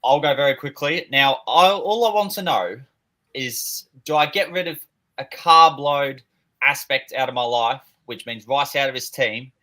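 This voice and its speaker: Bright-voiced man thinking aloud. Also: mid-range voice, unhurried. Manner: hesitant, thinking aloud with fillers. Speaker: fantasy football podcast co-host. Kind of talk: casual chat.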